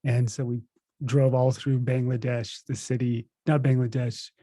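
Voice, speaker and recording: A man in his thirties, a guest on a podcast, telling stories in a relaxed, self-laughing way. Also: mid-range voice, unhurried, dry recording. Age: 30s. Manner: relaxed storytelling, laughs at himself. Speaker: podcast guest, meditation teacher. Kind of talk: casual interview chat.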